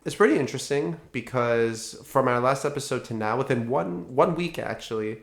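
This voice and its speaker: A man's voice: mid-range voice, normal speed, creaky. A young man co-hosting a podcast in casual chat, rambling with lots of fillers and laughing often. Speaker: podcast co-host.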